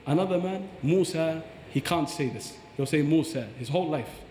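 A man's voice: a little high, normal speed, darkish tone, a little hiss or hum. A man explaining Quran recitation on a podcast, breaking into recited Arabic phrases as he teaches. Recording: echoey hall with long reverb.

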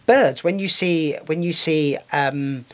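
A man co-hosting a casual radio discussion, talking in a halting, rambling way with many restarts. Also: a little high, a bit bright.

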